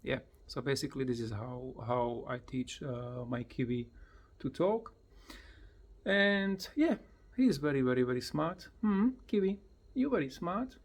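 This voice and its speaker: A man casually explaining how he teaches his parrot to talk, in plain, slightly broken English, often repeating words in a high, sing-song voice, recorded at home beside the bird. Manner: slow, plain explanations with simple non-native grammar. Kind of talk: casual tutorial vlog.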